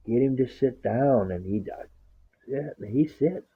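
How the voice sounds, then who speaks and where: A man's voice: mid-range voice, measured pace, breathy edge. A man rambling about his dog in casual chat, swearing a lot and acting out what he says to it. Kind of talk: casual profane storytelling. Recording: tinny phone-like sound.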